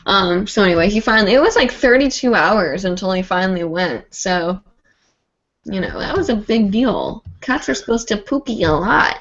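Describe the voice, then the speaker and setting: Woman, livestream host, casual rambling chat, middle pitch, dull lo-fi sound. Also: a bit bright. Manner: chatty, rambling, full of "like" and "um". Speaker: host of a live hooping show.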